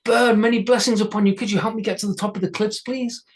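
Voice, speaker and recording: A man playing a tiny, brave boy warrior who speaks out earnestly and defiantly. The voice sits high and bright in a spoken folktale. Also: steady tone, quick pace, lightly acted.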